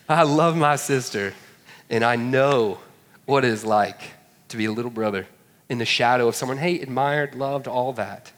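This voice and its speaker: A man's voice: medium pitch, fairly bright tone. A man, preaching a sermon and telling a funny story with jokey asides to the audience. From Georgia, USA. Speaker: pastor. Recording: long hall reverb.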